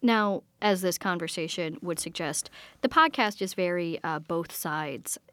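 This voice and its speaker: A woman from Wisconsin interviewing a guest, asking deliberate, probing questions about politics. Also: fairly low pitch, bright, forceful tone, no echo.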